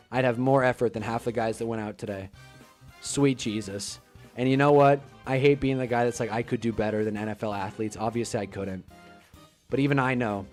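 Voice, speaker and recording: A young man hosting a live stream, ranting casually and growing loud in outbursts. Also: mid-range voice. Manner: frustrated, swearing, swings into loud outbursts.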